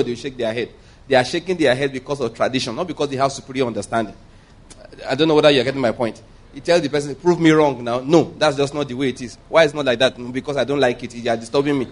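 A man preaching a sermon, emphatic and repeating his points, asking the congregation rhetorical questions. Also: mid-range voice. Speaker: pastor.

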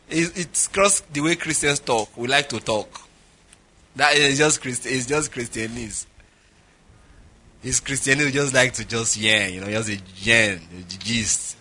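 A man's voice: mid-range voice, measured pace, pushed and bright. A middle-aged man preaching a sermon, telling stories with jokes and Pidgin asides. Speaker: pastor.

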